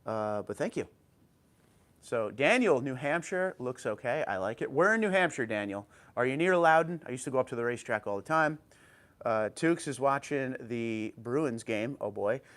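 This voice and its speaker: A man in the middle of a relaxed home livestream, chatting into an old tablet at an easy, even pitch. He greets viewers one by one by name and reads their comments back to them in a friendly, informal way. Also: moderate pace. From New Jersey. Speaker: livestream host. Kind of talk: casual livestream chat.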